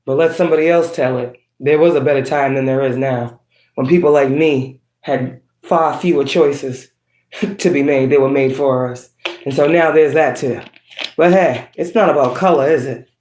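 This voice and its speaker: A woman hosting a casual ranting monologue, blunt and profane, laughing between points and swinging from slow low tones to sharp high outbursts. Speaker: spiritual livestream host. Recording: echoey room.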